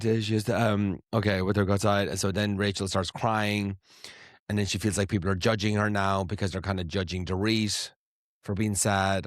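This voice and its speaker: A man's voice: on the low side, no echo, studio quality. A man co-hosting a podcast, chatting casually and gossiping, swearing freely and acting out what others said. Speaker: podcast co-host. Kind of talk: casual chat.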